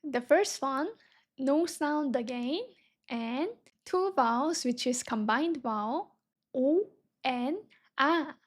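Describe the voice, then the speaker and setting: A woman's voice: high voice, animated, takes it slowly. A young woman teaching a beginner Korean reading lesson, patiently sounding words out syllable by syllable.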